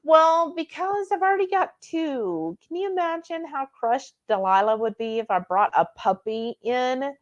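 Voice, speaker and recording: High-pitched and expressive, she speaks unhurriedly with few pauses, though the highs are cut off in the recording. She's from Texas and co-hosts a live cooking stream, casually chatting, reading out viewer comments and doing goofy voices for her pets.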